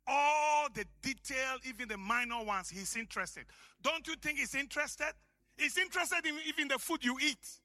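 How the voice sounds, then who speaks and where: A man with an African accent, preaching a sermon as pastor, impassioned and shouting for emphasis. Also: very high-pitched.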